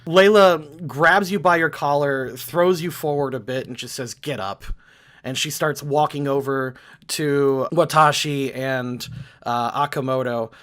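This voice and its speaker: A man's voice: a little high, steady tone, unhurried, fairly bright tone. A man running a tabletop game, narrating in a loose, casual way. He hesitates often and keeps an easy, everyday tone. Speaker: game master.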